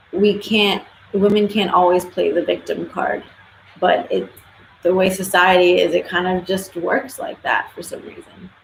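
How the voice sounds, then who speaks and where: A woman's voice: on the low side, creaky. Woman live-stream host, blunt and outspoken with casual swearing, recorded in a roomy echo with a faint hum behind. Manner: blunt, opinionated, swears freely. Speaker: livestream host. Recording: echoey room with faint ambience.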